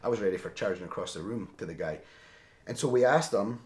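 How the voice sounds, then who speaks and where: Guest storyteller: deep male voice, emphatic and animated, in a roomy echoey space. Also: fast. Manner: animated, emphatic, tags lines with "right?". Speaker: interview guest. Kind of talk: casual storytelling. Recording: roomy echo.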